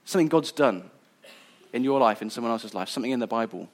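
A preacher delivers a sermon earnestly and conversationally, with some restarts. His voice is medium in pitch and expressive, and he speaks fast.

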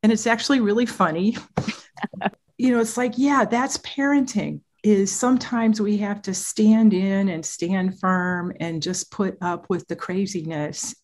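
A middle-aged therapist appearing on a podcast tells animated parenting stories, laughing often throughout. Her voice is medium in pitch and her pace a little slow.

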